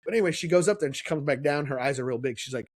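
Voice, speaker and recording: Middle-aged male podcast co-host, animated storyteller, a bit higher pitched. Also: very fast, no echo. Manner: animated storyteller, acts out quoted voices. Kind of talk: casual storytelling chat.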